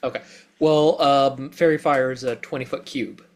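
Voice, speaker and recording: A man plays a tabletop game, working out his moves aloud in a hesitant way. He fills the gaps with ums and restarts. His voice sits at an ordinary middle pitch. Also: fairly even intonation, moderate pace. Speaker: player.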